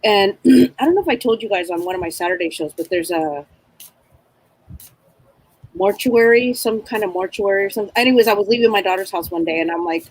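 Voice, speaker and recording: A middle-aged woman giving a psychic reading in casual, rambling chat, with a husky voice. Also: mid-range voice, a little fast, darkish tone, no room sound, poor audio. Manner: rambling, chatty, acts out spirits' voices. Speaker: psychic reader.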